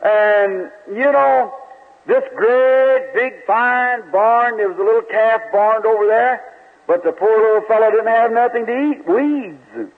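High-pitched preacher on tinny old tape. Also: male voice. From United States. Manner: folksy storytelling, stammering repeats, quick rises and laughs. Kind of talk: sermon.

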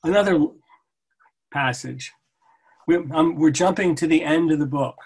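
A man, a translator, reading poetry aloud and talking about his translation in a measured, halting way. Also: a little high, breathy edge. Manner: measured, halting, self-correcting. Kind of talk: poetry reading and book talk.

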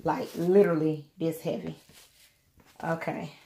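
A woman's voice: sits low, little pitch movement, unhurried, gravelly, warm tone, breathy edge. A woman chatting casually to her viewers while unboxing a doll at home. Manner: chatty, addresses viewers as y'all. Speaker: doll collector vlogger. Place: indoors at home, by a window.

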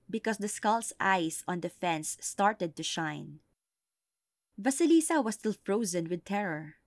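A woman reading a folktale aloud as an audiobook narrator, slow and deliberate. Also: lowish voice, no echo, studio quality. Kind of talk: storybook narration.

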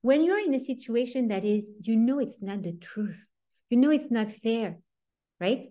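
A woman's voice: fairly high pitch, normal speed. French-accented woman teaching a class. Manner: chatty, animated, laughs often. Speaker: teacher of a weekly Torah class. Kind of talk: informal online class.

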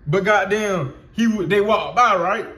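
Twenties man vlogger, casual slangy storytelling, slightly high voice, roomy echo. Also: a little slow, bright, forceful tone. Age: 20s. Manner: loose, profane street slang with many fillers.

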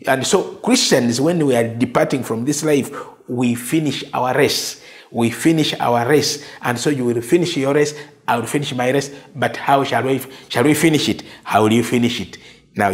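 A male preacher delivers a sermon at a measured, emphatic pace. His voice sits at an ordinary middle pitch, and he leans on repetition, pausing to drop softly into quoted lines.

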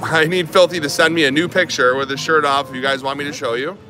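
A man's voice: a little high, steady tone, fast talker. A man live-streaming slot machine play from a casino, chatting and reading viewer comments aloud. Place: casino floor. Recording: casino music behind. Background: slot machine music.

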